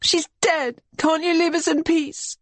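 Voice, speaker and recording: A wild, grief-stricken young woman shrieks and sobs, her voice pitched far above the woman narrator's own low tone. The sound is close and dry, with no room around it. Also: little pitch movement, measured pace, no echo. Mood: shrieking. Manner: wailing, shrill and sobbing.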